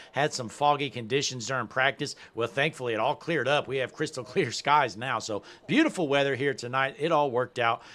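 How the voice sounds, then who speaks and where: A man's voice: mid-range voice, fairly bright tone. A man hosting a sim racing broadcast, wrapping up with upbeat, folksy broadcaster patter. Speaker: play-by-play host.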